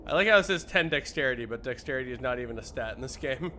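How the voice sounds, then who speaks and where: A man's voice: mid-range voice, expressive, very fast, pushed and bright, a little hiss or hum. A man streaming a game, reading its text aloud in playful, dramatic readings and joking along.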